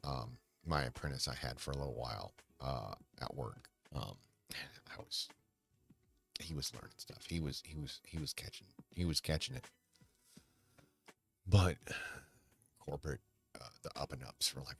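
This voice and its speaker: A man hosting a casual livestream chat, rambling and hesitant, with many restarts, sighs and quiet mumbles. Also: very deep voice, moderate pace, creaky, husky. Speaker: livestream host.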